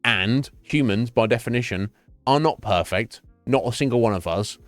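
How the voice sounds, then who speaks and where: A man's voice: mid-range voice, normal speed, no echo, soft background music. A middle-aged British man chatting casually to his stream, blunt and sweary, rambling with many restarts. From Britain.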